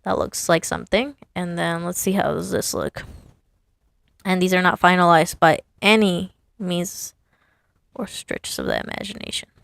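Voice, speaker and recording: Chatty woman with a gravelly low voice. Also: fairly even intonation, unhurried, fairly bright tone, no room sound. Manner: chatty, self-amused, thinking aloud. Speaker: sign designer. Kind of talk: casual design commentary while working.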